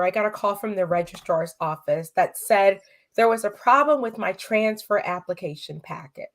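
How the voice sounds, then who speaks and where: A woman from California, a podcast guest, telling her personal story in an earnest, emotional way and acting out what others said, in a podcast studio. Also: mid-range voice. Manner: earnest, emotional, quotes dialogue.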